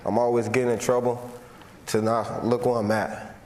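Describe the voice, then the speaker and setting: Man in his 20s, from Florida, award acceptance speech, heartfelt and repetitive, mid-pitched, roomy hall sound. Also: little pitch movement, a little mellow. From Florida, USA. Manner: heartfelt and halting, repeating phrases, holding back emotion. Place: large hall, on a stage. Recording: echoey hall with long reverb and faint noise.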